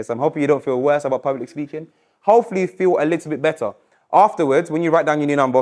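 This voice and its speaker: A man coaching a live public speaking workshop, encouraging and lively, slowing down and dropping his voice to stress points. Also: mid-range voice. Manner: energetic, encouraging, varies pace and loudness for emphasis. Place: university lecture room.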